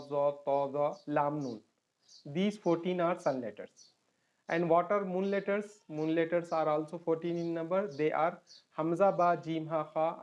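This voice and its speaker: A man teaching an online lesson, patiently repeating points and checking that students follow. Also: fairly high pitch. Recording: dull lo-fi audio.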